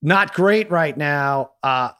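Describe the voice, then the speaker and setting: A man's voice: a little high, animated, slow pace, pushed and bright. A man hosting a casual sports talk show who often stops and restarts his sentences. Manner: hesitant restarts, many fillers.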